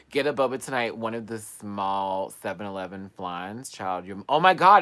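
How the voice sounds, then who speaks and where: A man hosting a casual live stream, telling stories in a sassy, animated way full of playful slang. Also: fairly low pitch. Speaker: livestream host. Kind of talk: casual livestream chat and storytelling.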